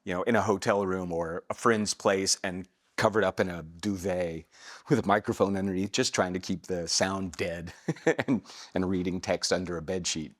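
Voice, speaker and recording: A middle-aged man from Atlanta, Georgia, working as a voice actor, telling stories in a relaxed way in a casual interview and laughing easily. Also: deep voice, moderate pace. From Atlanta, Georgia, USA. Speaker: guest, voice actor.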